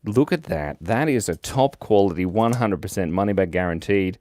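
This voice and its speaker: A man's voice: low voice, lively intonation, normal speed, a little mellow, no room sound. An Australian man hosting a live drawing stream, chatting casually and joking as he reads out viewer comments. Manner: playful and jokey, reading out viewer chat.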